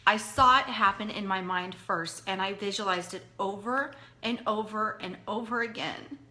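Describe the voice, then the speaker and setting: Woman, direct sales leader, motivational talk, earnest, conversational, crisp bright tone. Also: mid-range voice, normal speed. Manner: earnest, conversational, repeats for emphasis.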